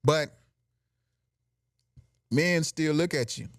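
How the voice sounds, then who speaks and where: Male podcast host, brash comic monologue, slightly high voice, dry close sound. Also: extremely slow, no echo. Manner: brash, joking, laughs at his own bits. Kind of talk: casual comedic monologue.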